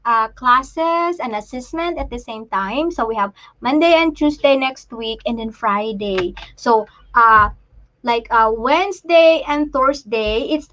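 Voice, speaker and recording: A woman hosting a casual live chat, talking in a halting, emotional way with many restarts while she shows things to the camera. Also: on the high side, expressive, fairly bright tone, dull audio. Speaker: livestream host and parent.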